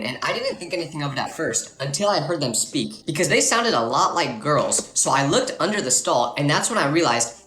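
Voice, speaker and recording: Fast, animated young man telling stories. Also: on the high side, roomy sound. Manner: fast animated storytelling with exaggerated asides. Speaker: storyteller. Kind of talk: comedic storytime monologue.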